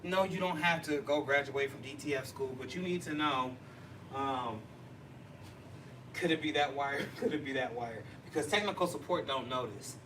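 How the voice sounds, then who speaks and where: A man hosting a casual livestream chat, chatty and excitable, laughing and teasing as he talks. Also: medium pitch, moderate pace. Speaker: livestream host. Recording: distant mic with noisy background.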